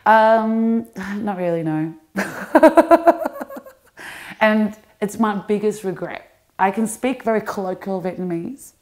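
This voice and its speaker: An actress and comedian talking casually and animatedly in an interview, with quick restarts. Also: female voice, medium pitch. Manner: animated, restarts, laughs often.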